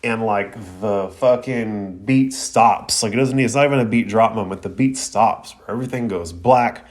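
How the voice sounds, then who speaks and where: A young man hosts an anime review show, talking through the episode in loose, slangy chat. His voice sits a little low. He laughs easily, swears now and then and restarts his sentences. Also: normal speed. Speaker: podcast host reviewing anime. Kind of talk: casual episode recap.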